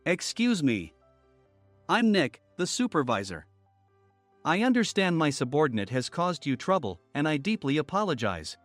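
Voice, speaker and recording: A man voicing a male office supervisor who gives brisk orders. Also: on the high side, very animated, fairly bright tone, no echo, faint music behind. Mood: formal.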